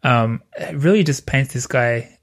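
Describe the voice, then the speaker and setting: A man's voice: medium pitch, a little slow. A man hosting a podcast in a casual, jokey way, swearing freely. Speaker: podcast host. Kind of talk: casual chat.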